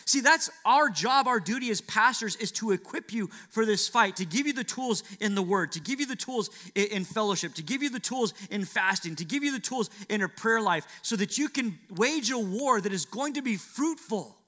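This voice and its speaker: Bright high-voiced male pastor preaching. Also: expressive, normal speed, hardly any pauses. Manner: preaching with swelling, emphatic repetition. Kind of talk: sermon.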